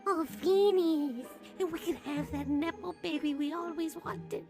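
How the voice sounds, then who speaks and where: A woman's voice: very high voice, a little slow, music in the background. A woman playing a silly, smitten young activist woman in a comedy sketch, speaking in a dreamy, swooning way.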